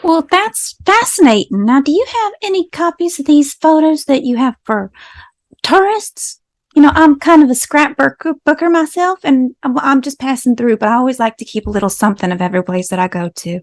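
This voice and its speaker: Woman playing a polite curious tourist lady, highish voice, folksy questions. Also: expressive, fairly quick. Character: friendly tourist woman passing through, scrapbooker.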